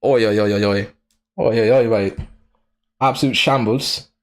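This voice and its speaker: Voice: mid-range voice, fairly even intonation, unhurried, close to an everyday voice. A streamer putting on a blustery, exaggerated mock British accent as a rowdy bloke. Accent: mock British, put on.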